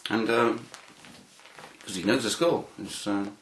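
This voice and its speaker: A man's voice: lowish voice, a little slow, fairly bright tone, echoey room, slight background noise, rough recording. Rambling man telling stories. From United Kingdom. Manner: repeats himself, many restarts and fillers. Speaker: interview guest. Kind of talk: rambling anecdotal storytelling.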